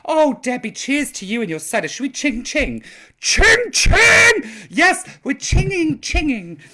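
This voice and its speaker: A woman's voice: a little high, sing-song, normal speed. Cheeky tipsy woman host. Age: older. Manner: cheeky, sweary and rambling. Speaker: host reading out viewer comments. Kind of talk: live-streamed casual chat.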